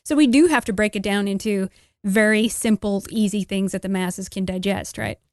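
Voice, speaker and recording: A woman's voice: medium pitch, normal speed, dry recording, studio quality. A woman hosting an interview, chatty, often seeking agreement with tag questions. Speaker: host. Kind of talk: casual interview talk.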